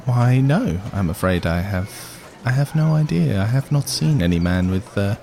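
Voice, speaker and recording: A man voicing a soft-spoken, polite male dwarf who is new in town, in a tabletop game, speaking formally and gently. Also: lowish voice, lively intonation, normal speed, gravelly, a little hiss or hum. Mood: gentle.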